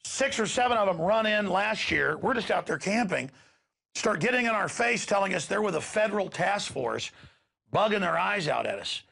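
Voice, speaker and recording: A man's voice: sits high, lively intonation, normal speed, gravelly, pushed and bright. A middle-aged man, hosting a show and delivering an impassioned, emphatic rant to his listeners. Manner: ranting, emphatic, repeats words when worked up. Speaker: radio show host.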